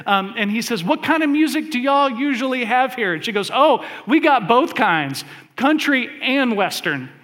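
A man preaching a sermon, speaking to his congregation conversationally, with lots of fillers and animated asides. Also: high voice, in a large hall. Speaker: pastor.

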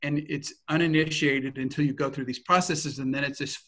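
A man giving a teaching talk, telling a lively personal anecdote in a casual way that includes some swearing. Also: mid-range voice, fairly quick. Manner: animated, vivid storyteller with casual swearing.

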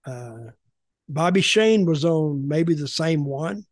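A man's voice: a little high, animated, slow, dry recording, clean studio sound. An older man co-hosting a podcast, telling stories in casual chat and repeating words as he goes. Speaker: podcast co-host, former wrestling commentator.

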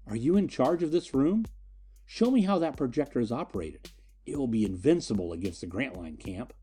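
A man voicing a bold, clever young woman in an audiobook, speaking quickly and sweetly persuasive. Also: mid-range voice, lively intonation, warm tone, husky, soft background music.

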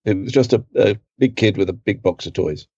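Husky London man telling stories. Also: on the low side, brisk, mellow, no room sound, muffled recording. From England. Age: middle-aged. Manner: rambling, self-correcting, acts out quotes in other voices. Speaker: guest, film assistant director. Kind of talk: casual anecdotal storytelling.

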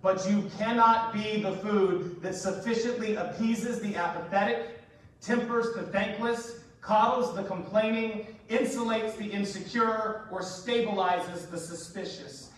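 High-voiced pastor in an echoey hall. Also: male voice, unhurried. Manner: animated storytelling with humor, dropping to quiet earnest appeals. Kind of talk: sermon. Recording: echoey hall, mic at a distance, faint noise.

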